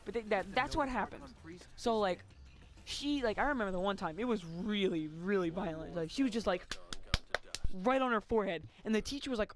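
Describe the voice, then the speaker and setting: A man's voice: sits high, expressive, brisk, fairly bright tone. A teenage boy telling a rambling school story in casual chat, giggly and casually swearing. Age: teens.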